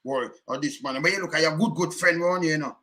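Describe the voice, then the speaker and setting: A man's voice: fairly high pitch, fast talker, sharp tone. A Jamaican man giving heated, emphatic commentary in patois, repeating himself and cursing often.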